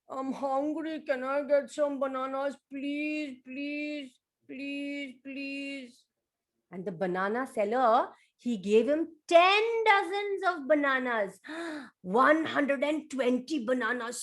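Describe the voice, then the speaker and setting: A woman telling a story to toddlers over a video call, animated and sing-song. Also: a little high. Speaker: children's storyteller.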